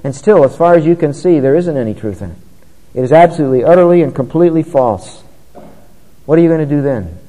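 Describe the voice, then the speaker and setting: Male preacher, sermon delivery, mellow tone, slightly raised pitch. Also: expressive, fast talker, in a large hall, poor audio. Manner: earnest, conversational preaching with rising emphasis.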